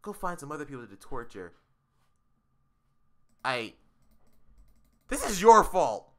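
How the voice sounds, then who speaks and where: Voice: medium pitch, sing-song, slow pace. A streamer doing a heartbroken lovestruck game girl. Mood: remorseful. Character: desperate lovestruck young female game character. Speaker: streamer reading game dialogue aloud. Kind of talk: read-aloud game dialogue.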